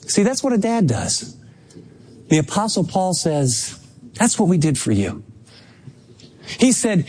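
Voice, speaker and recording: A man preaching with a notably high-pitched voice, emphatic and impassioned. His delivery rises and presses as he urges his listeners on. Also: sing-song, measured pace, long pauses, darkish tone. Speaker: pastor. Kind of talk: sermon.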